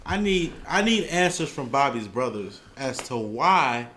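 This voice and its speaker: A man co-hosting a casual reaction video, loud and animated, often laughing and shouting. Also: medium pitch, unhurried, reverberant, slight background noise. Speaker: reaction channel co-host.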